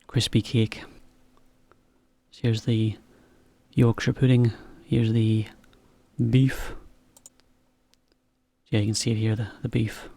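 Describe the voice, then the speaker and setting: A man teaching to learners, talking in a relaxed, chatty way with a laugh now and then. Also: on the low side, takes it slowly, vocal fry, long pauses, no room sound. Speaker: English teacher. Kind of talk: slow, clear explanation for learners.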